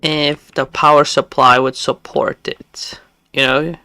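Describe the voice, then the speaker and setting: A game streamer chatting casually while playing live, talking in a halting, stammering way with many restarts. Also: medium pitch, little pitch movement, bright, forceful tone, smooth, no room sound.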